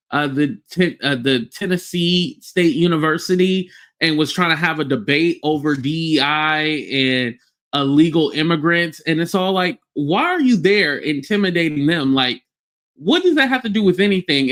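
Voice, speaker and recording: A man's voice: high voice, fairly bright tone. A man hosting a live-streamed podcast, ranting bluntly with swearing and greeting chat viewers by name. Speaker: podcast host.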